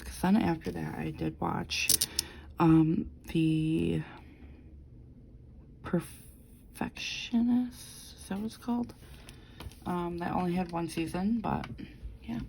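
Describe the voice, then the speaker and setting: A woman with a low, gravelly voice and a dark, mellow tone, talking casually. She rambles through stories with plenty of fillers and swears freely while working on her planner. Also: slight background noise, poor audio. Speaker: planner vlogger.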